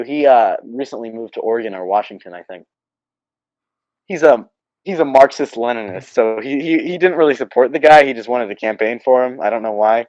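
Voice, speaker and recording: A young man from Oklahoma, in his late teens, telling stories on a casual podcast, halting and restarting, then getting animated. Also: medium pitch, no room sound, muffled recording. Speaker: podcast co-host.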